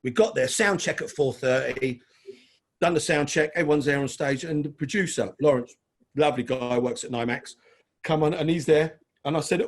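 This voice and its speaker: Husky chatty man. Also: a little high, moderate pace. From London. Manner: chatty, calls the host mate. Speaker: interview guest. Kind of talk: casual storytelling.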